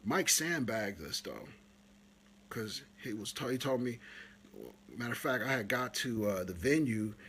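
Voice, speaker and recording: A man hosting a live stream, coaching photographers in a casual, animated talk that climbs higher when he retells stories. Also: measured pace, a little hiss or hum.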